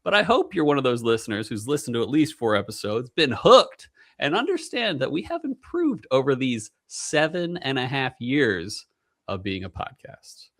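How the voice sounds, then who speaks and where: Guy hosting a chill podcast, animated, bright voice, rambles and jokes around a lot. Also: mid-range voice, moderate pace. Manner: joking, rambling, lots of fillers. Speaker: podcast co-host. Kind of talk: casual podcast chat.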